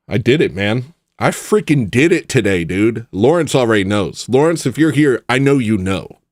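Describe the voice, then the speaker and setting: A man's voice: medium pitch, animated, a little slow, long pauses, no echo. A man hosting a casual livestream, rambling and joking as he answers his chat. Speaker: livestream host. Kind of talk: casual livestream chat, reading viewer messages.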